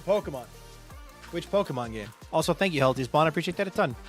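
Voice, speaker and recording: A man streaming a game, chatting casually and answering his viewers' chat with quick asides. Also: on the high side, expressive, faint music behind. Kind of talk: casual live-stream chat while gaming.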